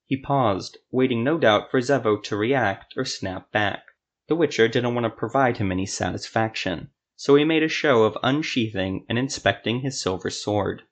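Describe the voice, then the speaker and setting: A man narrating a scripted fantasy story for a podcast in a steady, even storytelling manner. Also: medium pitch, normal speed.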